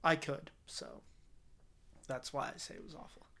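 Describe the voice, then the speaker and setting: A woman's voice: extremely low pitch, normal speed, gravelly, a bit bright, a little hiss or hum. A woman co-hosting a podcast in casual chat, earnest and musing, drifting into philosophical asides. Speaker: podcast co-host.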